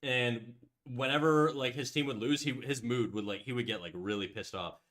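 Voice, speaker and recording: A male livestream host with a medium-pitched, fairly bright voice chats casually with viewers while drawing, speaking at normal speed. He rambles through tangents, packs in filler like "like," restarts, swears casually, and stops now and then to read and answer chat messages.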